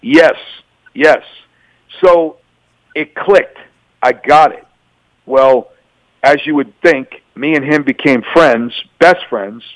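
A man's voice: fairly high pitch, takes it slowly, pauses often, dry recording, low-quality recording. A middle-aged man from New York giving a personal testimony as a radio interview guest, telling his story and acting out both sides of the dialogue.

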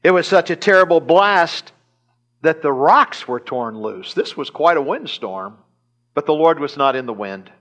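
Higher-voiced preacher man telling a story. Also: a little slow. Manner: animated retelling with chuckles and repetition. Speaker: pastor. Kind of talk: sermon. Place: church service.

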